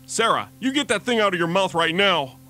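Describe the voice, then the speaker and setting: A man's voice: on the high side, moderate pace, slight background noise, lightly acted. A man voicing a stressed, worn-out young mother who snaps at her daughter in a radio devotional story. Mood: snapping. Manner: sharp and clipped, turning apologetic.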